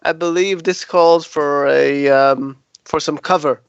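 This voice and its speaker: A man playing a tabletop game, hesitant with many ums and quick to giggle. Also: a little high, steady tone, creaky, smooth, no echo, highs cut off. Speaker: player. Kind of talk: tabletop role-play.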